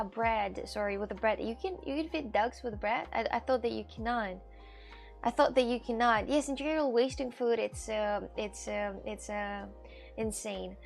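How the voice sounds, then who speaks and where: A woman livestreamer chatting casually with her viewers and answering their questions, halting, with many fillers and restarts, and swearing casually. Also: fairly high pitch, gravelly. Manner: answers chat questions aloud. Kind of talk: casual stream chat.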